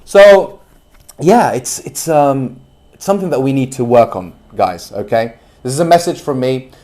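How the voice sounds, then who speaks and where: A young man giving an earnest, preachy personal monologue, slow and emphatic, sometimes bursting into loud yelling. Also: medium pitch, lively intonation. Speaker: self-development vlogger.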